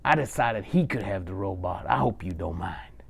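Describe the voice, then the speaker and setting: A firm but kindly grandmother in her eighties, voiced by a man for a bedtime puppet story. The voice has a gravelly grain and lively, sing-song swings. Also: low voice, moderate pace, a little hiss or hum, voice pushed down, heavily acted. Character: independent eighty-year-old grandmother.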